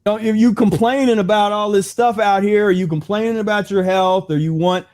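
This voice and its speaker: A man with a fairly high voice talks through a casual livestream monologue. He sounds preachy and restless, firing off rhetorical questions and often restarting his sentences. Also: steady tone, a little fast, darkish tone. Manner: casual and conversational with frequent restarts. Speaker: host. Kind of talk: livestream health talk monologue.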